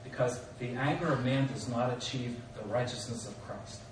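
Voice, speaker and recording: A man preaching a sermon as pastor, telling a story with animated rhetorical questions and voices for the characters. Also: mid-range voice, moderate pace, noisy background. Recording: echoey hall recorded from far off.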